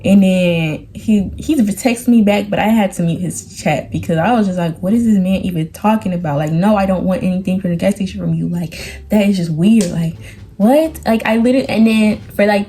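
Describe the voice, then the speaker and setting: Chatty teen girl telling a story. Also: normal speed. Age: teens. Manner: chatty and animated, quoting people in lowered or raised voices. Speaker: vlogger. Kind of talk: storytime vlog.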